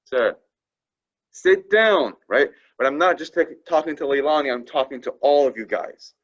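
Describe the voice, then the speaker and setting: A man's voice: mid-range voice, a little fast. A male French teacher giving classroom instruction, repeating phrases for students to drill and often checking in with "right?". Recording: dull lo-fi classroom recording.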